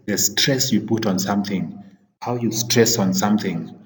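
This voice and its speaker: A male teacher giving a vocabulary lesson, defining words slowly and repeating them. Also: lowish voice, in a large hall, rough recording.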